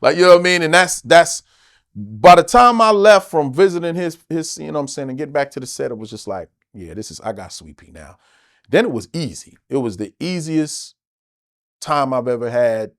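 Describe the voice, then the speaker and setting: A man from the United States, an actor guest telling stories in a casual interview, animated and emphatic, with plenty of swearing. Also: a little high, normal speed, dry recording, studio quality.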